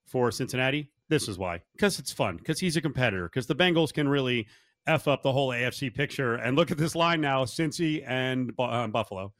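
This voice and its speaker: A man's voice: mid-range voice, animated, fairly bright tone, no echo, studio quality. A man hosting a sports radio show, joking with his guest and moving segments along. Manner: jokey, wraps segments quickly. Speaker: radio host.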